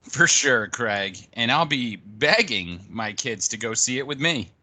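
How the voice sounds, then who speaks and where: A man's voice: mid-range voice, lively intonation, measured pace, pushed and bright. A man co-hosting a podcast, playing up a comedy skit with goofy, over-the-top drama. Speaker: podcast co-host.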